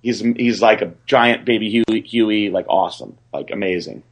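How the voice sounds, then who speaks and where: A young man telling a story on a podcast in a rambling, excited way, full of fillers and restarts. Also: lowish voice, normal speed, husky. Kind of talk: casual storytelling.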